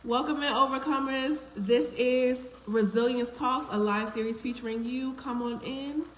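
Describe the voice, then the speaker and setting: A woman's voice: high-pitched, normal speed. A woman hosting a live stream, chatting casually, greeting viewers one by one by name in an affectionate, upbeat way. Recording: echoey room with faint background noise.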